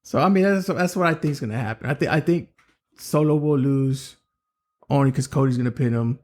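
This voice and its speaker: A man's voice: mid-range voice, fairly quick, darkish tone. A man guesting on a casual wrestling podcast, laid-back and a little hesitant. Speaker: guest co-host.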